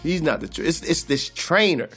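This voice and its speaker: A man doing loud, profane, comedic boxing commentary in a vlog, laughing often and calling out like a preacher. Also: fairly high pitch, very animated, moderate pace, slightly rough, soft background music. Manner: boisterous, profane, laughs a lot, preacher-style call-outs. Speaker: boxing vlogger.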